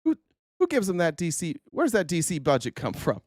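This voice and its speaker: A man's voice: on the high side, huge pitch swings, fairly quick, dry recording, studio quality. A male host giving a heated political commentary rant, firing profane rhetorical questions at his audience.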